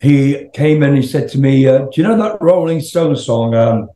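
A man's voice: medium pitch, normal speed, warm tone, roomy sound. An older man, a rock singer as interview guest, telling long rambling stories with laughs and swearing. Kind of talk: casual storytelling.

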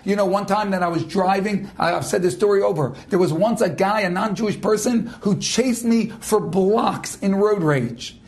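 A man, a rabbi, giving a Torah class, telling a personal story in an animated way and then speaking directly to his listeners. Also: high-pitched, moderate pace, hardly any pauses. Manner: animated storyteller who acts out quoted speech; direct, exhorting address to listeners. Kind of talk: lecture with personal anecdote.

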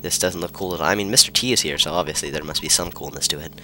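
A man rambles through a game session with dry, sarcastic asides. His voice is on the low side but bright and forward, with faint music playing underneath. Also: racing. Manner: sarcastic, rambling jokes, reads lines aloud. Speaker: let's play commentator. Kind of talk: casual gameplay commentary.

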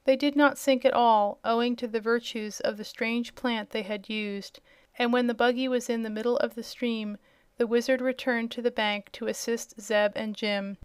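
A woman narrating a children's storybook with steady, measured reading. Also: a little high, smooth, no echo. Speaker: audiobook narrator.

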